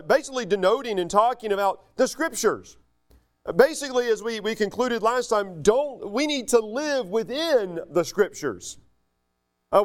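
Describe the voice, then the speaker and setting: A high-pitched man preaching a relaxed, conversational sermon. He teaches in a loose, chatty way, full of fillers and asides, and his pitch swings widely, dropping low for jokes and side remarks. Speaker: pastor.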